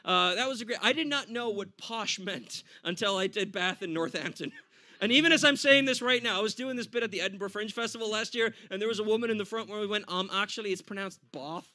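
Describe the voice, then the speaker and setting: A man with an American accent doing a standup comedy set for a live audience, animated and laughing often. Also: high voice, fast talker. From United States.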